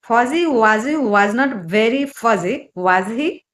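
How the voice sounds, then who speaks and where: A woman's voice: a little high, lively intonation, unhurried. A woman hosting a casual vlog, practicing tongue twisters in simple, careful learner's English. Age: adult, mother of a child. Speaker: channel host and mother.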